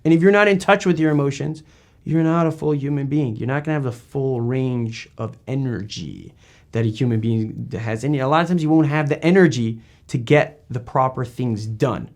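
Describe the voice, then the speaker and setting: A man's voice: medium pitch, moderate pace. A man interviewing a guest in a casual talk, rambling and emphatic with many restarts.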